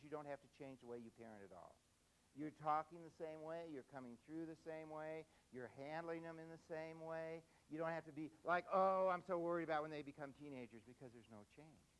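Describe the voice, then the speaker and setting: A man's voice: on the high side, rough recording. A man, a parenting expert, giving a live seminar and acting out everyday family scenes. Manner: animated, acts out scenes.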